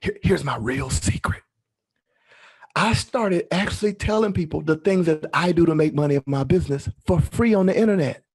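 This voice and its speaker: A man's voice: sits high, fairly quick, hardly any pauses. A man speaking as a guest at an online meetup, giving a playful, preacher-like motivational talk. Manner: animated, playful, preacher-like delivery. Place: online meeting.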